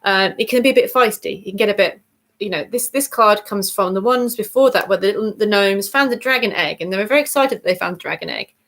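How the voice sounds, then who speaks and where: A woman hosts her weekly tarot reading video in a relaxed, chatty way. She sounds bubbly and laughs often. She backtracks and corrects herself as she talks. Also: medium pitch, quick pace. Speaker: tarot reader.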